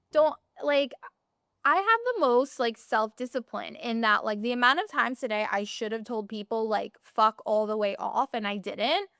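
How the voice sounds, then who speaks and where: Young woman podcast cohost, rambly casual chat, smooth voice, dry close sound. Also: on the high side, pushed and bright, dry recording. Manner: chatty, rambling with many fillers. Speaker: podcast co-host.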